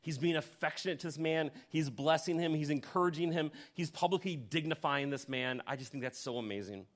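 A male pastor preaching a sermon who tells the story vividly, swings from loud emphasis to hushed near-whispers, and puts questions to his congregation. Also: on the high side, fairly quick. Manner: addresses the congregation directly with questions.

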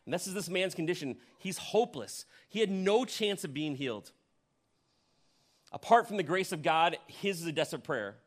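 A man with a fairly high voice preaching a sermon to his congregation. He paints the scene like a storyteller and throws questions to his listeners. His volume swings from strong emphasis down to hushed, almost whispered lines. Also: lively intonation, normal speed. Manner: addresses the congregation directly with questions. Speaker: pastor.

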